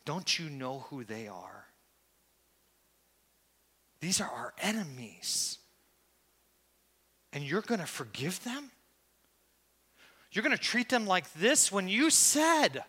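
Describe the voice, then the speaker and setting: A man's voice: high voice, sing-song, takes it slowly, pauses often, pushed and bright, breathy edge, voice pushed up, full character voice. A man voicing a frustrated, bitter male prophet who begs to die, exasperated and pleading, in a long-echoing hall. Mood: outraged. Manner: exasperated, pleading, rising to outrage.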